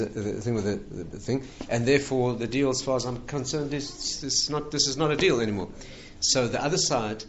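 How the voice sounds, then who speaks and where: The recording is dull with a touch of hiss or hum. Through it, a mid-range male voice belongs to a rabbi telling animated stories in a conversational lecture and laughing at his own punchlines.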